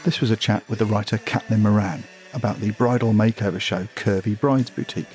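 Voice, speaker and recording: A man's voice: on the low side, steady tone, brisk, over music. A man hosting a podcast, chatting casually and reflectively. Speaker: podcast host. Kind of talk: casual chat.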